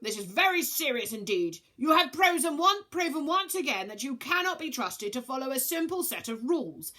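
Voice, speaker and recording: Woman putting on a shrill, scolding storybook councillor. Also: very animated, normal speed, full character voice. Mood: stern shouting. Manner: shouting, stern and pompous. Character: shrill, scolding zodiac councillor, loud and officious.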